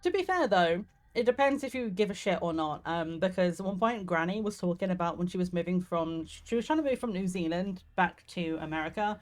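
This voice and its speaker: This is casual gameplay commentary from a young southeast English woman who chats on and on, laughs frequently and drops the odd swear word. She speaks fairly fast in a lowish voice with lively intonation, barely pausing.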